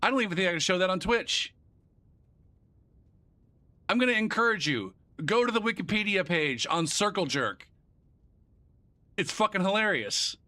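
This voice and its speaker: A man's voice: high-pitched, lively intonation, moderate pace, long pauses, pushed and bright. A male game streamer in casual live-stream chat, rambling and profane, joking and narrating his own clicks as he goes.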